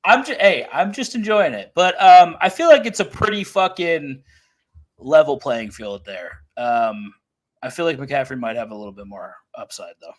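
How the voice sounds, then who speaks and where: A man's voice: mid-range voice, sing-song, moderate pace. A young man co-hosting a casual football livestream, teasing and profane. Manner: teasing, profane, laughs at his co-host. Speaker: co-host of a fantasy football stream.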